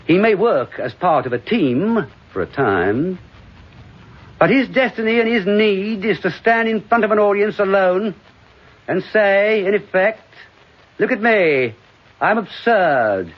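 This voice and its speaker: An actor playing a drunk, bitter, washed-up middle-aged comedian in a stage monologue, rambling and sardonic, swinging from mutters to outbursts. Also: male voice, high-pitched, animated, a little slow. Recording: dull lo-fi recording.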